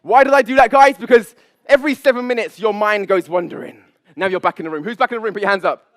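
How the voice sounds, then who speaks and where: A man, a public speaking coach, leading a live seminar on stage with high energy, playful banter and frequent laughs. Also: quick pace, no room sound. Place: event stage before an audience.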